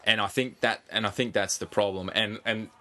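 A man co-hosting a casual sports podcast, animated, swearing freely and pushing on through interruptions. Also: lowish voice, brisk. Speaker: podcast co-host.

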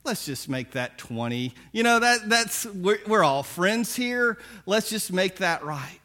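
A proud, lazy business manager who talks his way out of trouble, wheedling and folksy, as a preacher puts him on in a sermon. The voice sits bright and fairly high for a man. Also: very animated, a little slow, heavily acted. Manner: folksy, whining then wheedling.

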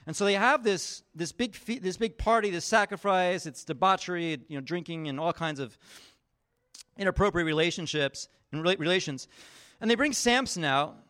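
A man's voice: sits high, moderate pace, fairly bright tone. A man as a pastor giving a casual, conversational sermon, telling stories and acting out the voices of people in them. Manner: casual storytelling, acts out quoted voices; chatty, leans on fillers like "like" and "you know".

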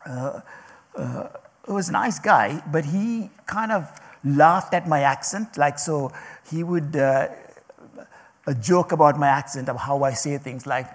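Husky, gravelly-voiced man preaching casually. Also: on the high side, long reverb tail. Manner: halting, many restarts and fillers, laughs often. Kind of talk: casual sermon.

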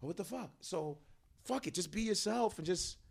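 A man's voice: high-pitched, lively intonation, normal speed, creaky, no echo, studio quality. A man guesting as a comedian on a podcast, talking loosely and profanely and acting out the people he quotes. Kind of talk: casual podcast chat.

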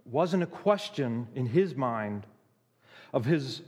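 A man preaching a sermon, emphatic, with dramatic pauses and acted-out quotes. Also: medium pitch, expressive, darkish tone, big-room sound.

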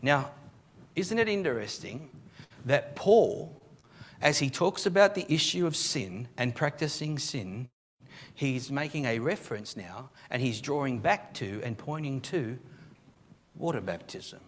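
Speaking a little slowly in an animated, mid-range voice, this Australian man preaches live in church as pastor. He reads passages of scripture and unpacks them, occasionally doubling words at the start of a sentence.

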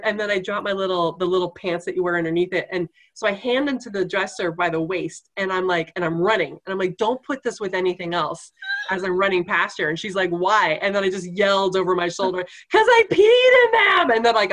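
A woman's voice: mid-range voice, fast, few pauses. Woman laughing through a funny story. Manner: animated, laughing often while telling the story. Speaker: guest telling a story. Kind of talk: casual anecdote in conversation.

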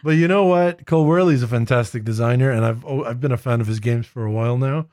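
A man hosting a casual tabletop games podcast, animated and quick to laugh, recording in a makeshift home studio. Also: medium pitch, no echo. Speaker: podcast host.

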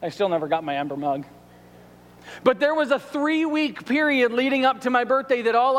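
Male pastor, high-pitched and animated storyteller, long reverb from the sanctuary. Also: moderate pace. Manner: animated storytelling with quoted asides. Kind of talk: sermon. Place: church sanctuary.

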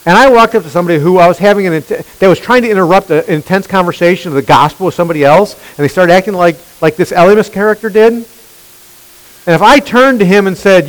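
In a roughly recorded sermon, a high-pitched male pastor speaks at normal speed but leaves long pauses. He is emphatic and animated, repeatedly putting questions to the congregation.

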